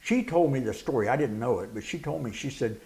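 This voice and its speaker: Man, middle-aged, gravelly, storytelling guest, middle pitch. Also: quick pace. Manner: animated anecdote with acted-out quotes and laughter. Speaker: guest, preacher and former wrestler. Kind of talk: storytelling in an interview.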